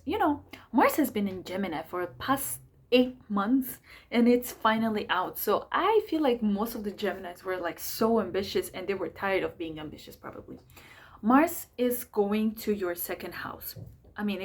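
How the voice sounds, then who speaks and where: Chatty woman astrologer, rambling. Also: mid-range voice. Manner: chatty, rambling, many fillers and asides. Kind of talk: casual forecast talk to camera.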